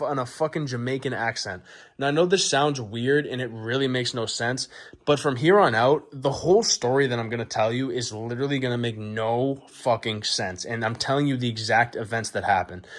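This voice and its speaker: Brief: a crude, swaggering male vlogger telling a comic bar story in a mid-range voice. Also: mid-range voice. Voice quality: crude, boastful, heavy swearing. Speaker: vlog host. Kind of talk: profane comedic storytelling.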